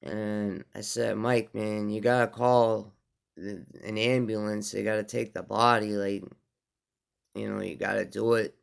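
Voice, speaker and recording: Low gravelly male storyteller, unhurried, halting with fillers, smooth resonant tone. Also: flat delivery. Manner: slow, halting, with many fillers and restarts. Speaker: vlogger telling a personal story. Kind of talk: casual spoken storytelling.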